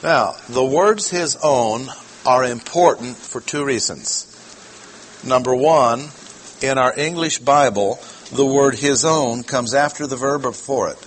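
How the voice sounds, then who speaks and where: A man preaching a Bible teaching sermon, speaking deliberately and emphatically, slowing down to stress key words and putting questions to his listeners. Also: mid-range voice, animated, slight background noise, poor audio. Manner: asks the audience questions.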